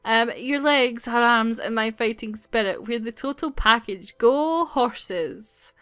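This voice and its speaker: A woman voicing a chatty, bossy teen girl student from a game, talking fast. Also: a little high, fairly bright tone, smooth, dry recording. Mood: bubbly.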